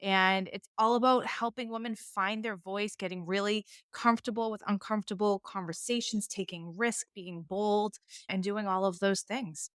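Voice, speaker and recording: A woman's voice: mid-range voice, fairly even intonation, normal speed, a bit bright, clean tone, no echo. Woman, middle-aged, Boston accent, divorce attorney, candid, resonant tone, dry recording. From Boston area, US. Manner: candid, reflective storytelling. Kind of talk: podcast conversation.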